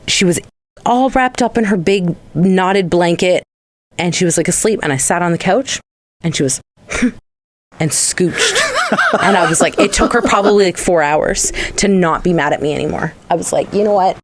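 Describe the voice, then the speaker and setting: A woman's voice: lowish voice, dry recording. A young adult woman, co-hosting a casual podcast chat, rambling through stories and swearing freely. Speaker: podcast co-host.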